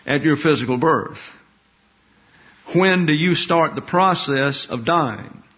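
A man teaching a Bible lesson in a slow, deliberate, explanatory way, repeating key words for emphasis. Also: fairly high pitch, breathy edge. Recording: dull lo-fi recording.

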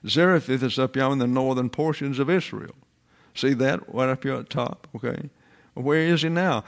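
Older male Bible teacher, sermon delivery, emphatic and repetitive, average pitch. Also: creaky. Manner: deliberate, emphatic, repeats phrases.

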